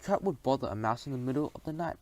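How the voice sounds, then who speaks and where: A man's voice: mid-range voice, lively intonation, quick pace, darkish tone, rough recording. Man narrating a storybook. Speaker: audiobook narrator. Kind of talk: first-person storybook narration.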